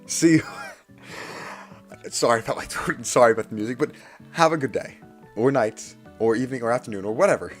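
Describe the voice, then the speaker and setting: Hoarse man chatting on a stream. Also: mid-range voice, moderate pace, pauses often, soft background music. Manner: chatty, self-deprecating, laughs often. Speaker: livestreamer. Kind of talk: casual study stream chat.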